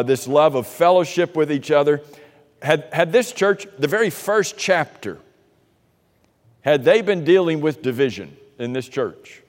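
A man's voice: on the high side, in a large hall. A man preaching a conversational sermon to his congregation, asking them questions as he goes. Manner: conversational, asks the congregation questions, many restarts. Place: church sanctuary.

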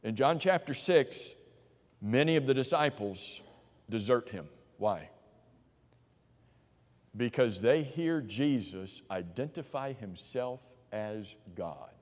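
A man preaching a sermon, walking listeners through verses with rhetorical questions and sinking to a quiet voice for emphasis. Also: animated, slow, long pauses. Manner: drops to a low, quiet voice for emphasis. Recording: long reverb of a large hall.

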